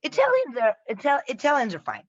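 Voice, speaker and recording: A Midwestern American woman chats casually as a podcast guest, animatedly telling stories and acting out the voices of the people in them. She speaks fast in a high, husky voice, and the highs are cut off.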